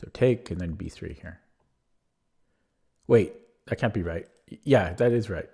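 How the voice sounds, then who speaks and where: A man streaming chess puzzles, thinking aloud with a husky, strained voice, often correcting himself. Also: low voice, mellow. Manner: muttering, self-correcting, quick laughs.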